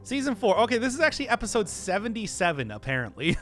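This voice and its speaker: A man's voice: high-pitched, sing-song, quick pace, a bit bright, soft background music. A male streamer chatting casually and playfully with his audience, laughing often. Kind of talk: casual live-stream chat.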